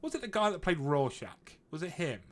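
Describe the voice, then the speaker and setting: A man's voice: a little high, big pitch swings, a little fast. Guy on a podcast, chatty and sweary, laughs at his own stories. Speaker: podcast co-host. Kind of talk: casual chat.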